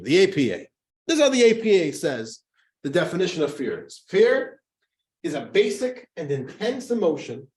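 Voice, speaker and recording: A male rabbi teaching an adult class. He talks conversationally, asks rhetorical questions and slips in jokes. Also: fairly high pitch.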